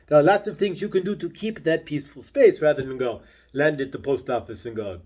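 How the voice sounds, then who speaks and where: A man speaking as a spiritual channeler, delivering a slow, deliberate talk full of repeated questions. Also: on the high side, expressive, a little mellow, breathy edge.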